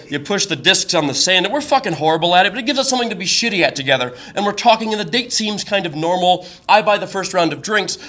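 Young man, storyteller, self-deprecating, deadpan, slightly high, bright voice. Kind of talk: comedic personal storytelling on stage.

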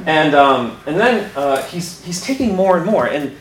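Animated high-pitched male storyteller, echoey room. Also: normal speed, few pauses. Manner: animated, laughing, restarts mid-sentence. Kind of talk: live comic storytelling. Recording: echoey room with background noise.

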